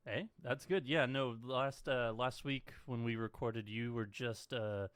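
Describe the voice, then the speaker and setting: A man hosting a casual podcast over a voice call, relaxed and full of "yeah, no" fillers. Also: medium pitch, measured pace, clear, resonant tone, no room sound. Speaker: podcast host. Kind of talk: casual chat.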